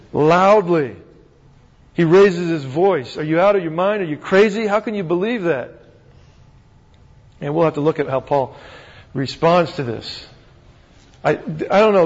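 Fairly high-voiced man preaching in a hall. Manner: conversational, asks rhetorical questions, frequent restarts. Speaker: pastor. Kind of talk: sermon. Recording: dull recording in a reverberant hall.

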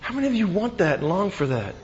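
A man preaching a sermon as pastor, retelling the scene with animated, dramatic storytelling. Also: sits high, fast talker, a little hiss or hum. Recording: dull sound with long reverb.

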